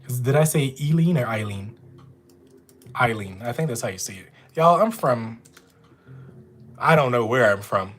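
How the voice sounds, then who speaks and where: A man's voice: mid-range voice, lively intonation, normal speed. A man with a Louisiana accent, chatting casually with viewers on a live stream from home. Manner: chatty, talks straight to viewers. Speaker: notary running a live stream. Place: at home with dogs nearby.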